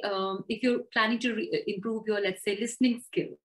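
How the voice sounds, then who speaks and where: A woman's voice: a little high, steady tone, moderate pace, poor audio. A woman with an Indian English accent, a communication trainer giving practical advice in an interview, thoughtful and full of fillers and self-corrections.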